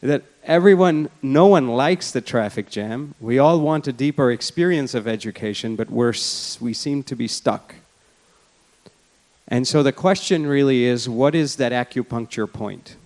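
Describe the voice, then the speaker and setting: A man's voice: medium pitch, normal speed, a little mellow. A man giving a conference keynote, telling stories in a reflective, conversational way. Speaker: keynote speaker. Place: lecture hall at a symposium.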